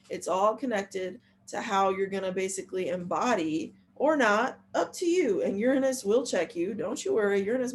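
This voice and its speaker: Woman, astrologer, slangy, animated, casual vlog, faint hum. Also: medium pitch. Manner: slangy, animated, talks while painting.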